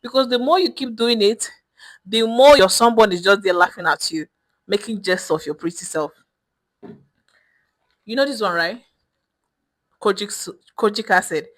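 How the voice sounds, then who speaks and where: A woman's voice: medium pitch, moderate pace, long pauses. A young woman skincare vlogger speaking straight to camera, emphatic and lecturing, repeating her points with frequent restarts. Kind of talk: direct-to-camera skincare advice.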